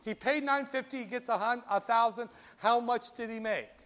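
At a moderate pace, a high-voiced man lectures a finance class. Between bouts of math he jokes around, teases the students and tests them with questions, keeping the energy animated.

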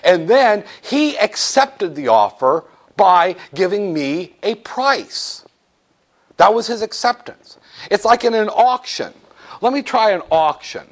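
A man's voice: high-pitched, sing-song, slow. A man teaching a business law class, lecturing in a joking way and acting out little scenes with students.

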